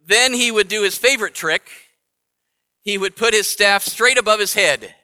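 Bright-voiced pastor telling a story. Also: male voice, high voice, moderate pace. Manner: playful, laughing asides. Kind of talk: storytelling sermon. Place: church sanctuary. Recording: echoey church hall.

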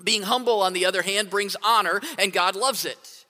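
A man's voice: high voice, steady tone, normal speed, pushed and bright. A man preaching a sermon in a conversational way, often asking "right?" to his listeners. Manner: conversational, asks rhetorical "right?". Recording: long hall reverb.

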